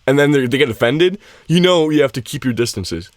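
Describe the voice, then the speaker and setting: A man's voice: a little high, expressive, quick pace, no echo, clean studio sound. A young man co-hosting a casual chat, laughing often and acting out quoted lines in swearing banter. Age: young adult. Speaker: podcast co-host.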